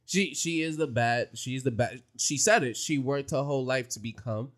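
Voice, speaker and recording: A man hosting a casual podcast chat, slangy and animated, talking in quick rushes. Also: mid-range voice. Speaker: podcast host. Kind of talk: casual anime recap chat.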